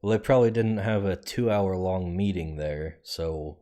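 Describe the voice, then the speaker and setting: Guy doing a grumpy guard captain, deep mellow voice, flat about it. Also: moderate pace, lightly acted. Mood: grumbling.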